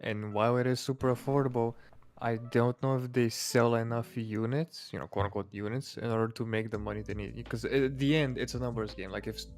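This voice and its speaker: A man's voice: medium pitch, steady tone, brisk. Blunt, swearing man on a call. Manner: opinionated, blunt, swears freely. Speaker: guest on call. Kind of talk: casual chat.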